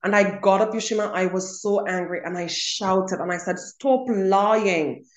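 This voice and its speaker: A woman's voice: medium pitch, steady tone, brisk. Emphatic woman telling a story, roomy sound. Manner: emphatic storytelling, repeats words for stress. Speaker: co-host. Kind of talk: casual chat. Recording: roomy echo.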